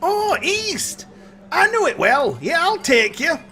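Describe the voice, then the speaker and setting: A man's voice: very high-pitched, sing-song, slow, sharp tone, soft background music, pitched above the performer's own voice, exaggerated voice. A man voicing a short, squat male dwarf who is keen for paid work in a tabletop game. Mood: eager.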